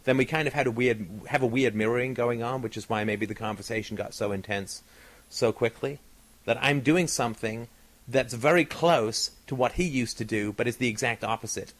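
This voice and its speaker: With a mid-range voice at a moderate pace, a man hosting a podcast chats casually. His talk is discursive and analytical, packed with fillers and restarts.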